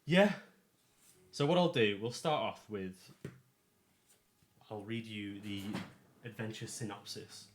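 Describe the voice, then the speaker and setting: Low-voiced man running a tabletop game. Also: lively intonation, slow, pauses often, slight background noise. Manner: rambling, self-correcting, chatty. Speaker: dungeon master. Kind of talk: casual tabletop game prep on stream. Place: home. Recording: echoey room.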